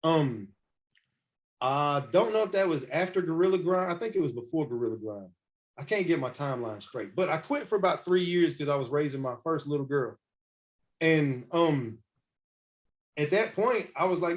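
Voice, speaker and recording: In a muffled, lo-fi storytelling interview, a man in his forties who makes hip hop speaks a little high at a moderate pace. He's an animated, laid-back storyteller who performs the quotes as he goes.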